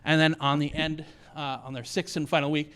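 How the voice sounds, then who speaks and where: A man's voice: a little high, flat delivery, a little fast, fairly bright tone, clean tone. A man hosting a virtual comedy show, chatty and rambling with many fillers as he introduces comics.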